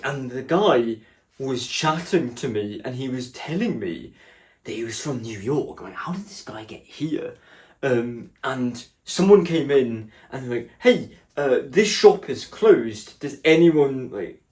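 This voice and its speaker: Animated man telling stand-up stories. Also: medium pitch. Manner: animated, acts out other people's lines in shifting voices. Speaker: stand-up comedian. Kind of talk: stand-up storytelling.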